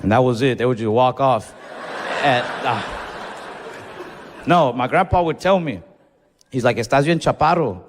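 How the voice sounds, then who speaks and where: A young man doing stand-up, telling a story with animated, profane, self-mocking energy on a comedy club stage. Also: mid-range voice, unhurried, pauses often. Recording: live club with reverb and faint noise.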